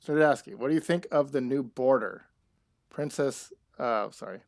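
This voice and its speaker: A man chatting casually with his viewers while playing a game live, rambling and halting with restarts. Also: medium pitch, gravelly, darkish tone, dry recording, studio quality. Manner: rambling, chatty asides to chat. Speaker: streamer. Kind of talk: live gameplay commentary.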